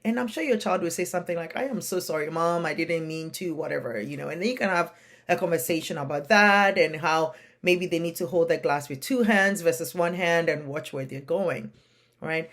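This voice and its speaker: A woman's voice: on the low side, expressive, moderate pace. A woman from a non-Western country who coaches parents, talking earnestly and plainly to camera, often checking in with "right?". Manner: earnest, plain-spoken, keeps asking "right?". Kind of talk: advice talk to camera.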